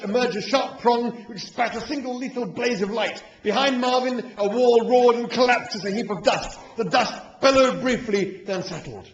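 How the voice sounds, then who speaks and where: Male author narrating expressively, gravelly edges, echoey hall. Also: very high-pitched, moderate pace, hardly any pauses. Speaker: author reading aloud. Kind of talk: live story reading. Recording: echoey hall, faint noise.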